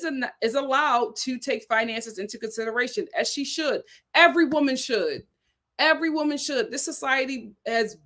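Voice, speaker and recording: A woman hosting a live stream, reading viewer comments aloud and reacting to them in casual, animated chat. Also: on the high side.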